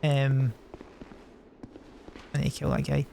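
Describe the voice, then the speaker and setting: A man's voice: medium pitch, completely flat delivery, slow, gravelly, darkish tone, a little hiss or hum. A man rambling and swearing casually while streaming a game. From Scotland. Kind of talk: casual gameplay commentary.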